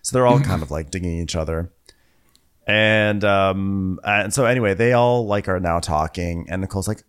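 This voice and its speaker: A man co-hosting a podcast, chatting casually and laughing often between quick asides. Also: low-pitched, clear, resonant tone. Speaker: podcast co-host. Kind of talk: casual chat recapping a reality show.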